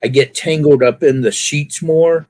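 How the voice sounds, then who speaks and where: Animated, self-laughing male panelist. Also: fairly high pitch, unhurried, dry recording. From Alabama. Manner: animated storyteller, laughs at himself, acts out his reactions. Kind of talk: casual chat.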